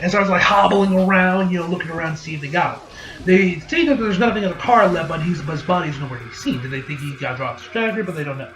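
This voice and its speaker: Casual male reviewer, high voice, loose and swearing, in a roomy echo. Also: fast talker. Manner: rambling, profane, acts out quotes in animated voices. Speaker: anime reviewer. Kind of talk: casual episode recap review.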